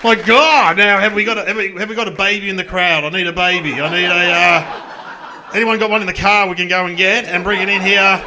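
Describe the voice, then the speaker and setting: A man's voice: sits high, steady tone, fairly quick, crowd noise. A middle-aged man with an Australian accent doing a self-mocking, chatty stand-up comedy set on a club stage. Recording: live club recording with audience noise.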